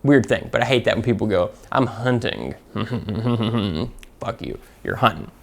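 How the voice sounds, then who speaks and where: A man's voice: fairly low pitch, unhurried, gravelly. Profane sardonic Southern man. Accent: Southern American. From American South. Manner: profane, self-mocking, sardonic. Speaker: gun reviewer. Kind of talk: comedic scripted review.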